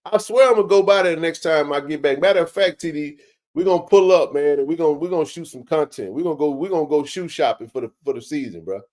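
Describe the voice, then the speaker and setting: A man's voice: on the high side, fast, darkish tone. A man hosting a casual live sports chat, laid-back and slangy, tossing in "man" and "bro" all the time. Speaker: livestream sports show host.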